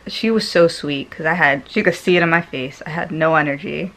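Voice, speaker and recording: Animated woman telling a personal story. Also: low-pitched, brisk. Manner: animated, laughs often while telling; swings between loud and hushed tones. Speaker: vlogger. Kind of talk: casual storytelling vlog.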